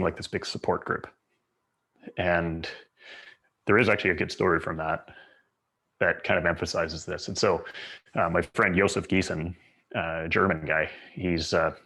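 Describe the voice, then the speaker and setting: A man, a guest speaker telling stories in a thoughtful way, often repeating and restarting his phrases. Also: a bit bright. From Canada. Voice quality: low gravelly husky voice. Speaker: guest speaker, Paralympic athlete. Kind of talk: reflective storytelling talk.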